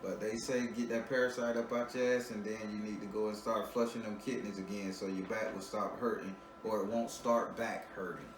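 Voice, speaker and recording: Speaking fairly quickly with few pauses, this man has a fairly low, flat-sounding voice. He jokes and curses through a blunt spiritual reading for a client, laughing frequently and repeating words as he starts over. The mic is distant, the room echoey, with ambient noise around him.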